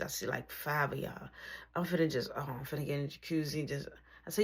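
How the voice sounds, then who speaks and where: A woman telling a personal story in a casual, slangy way, with animated bursts and drops to near whispers. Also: low-pitched, fairly quick, vocal fry.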